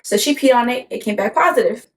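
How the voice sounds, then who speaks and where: Young woman, slightly high voice, casual rambling storyteller, swears a lot. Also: fast, slight background noise, low-quality recording. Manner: rambling, swears freely, laughs through her story. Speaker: podcast co-host.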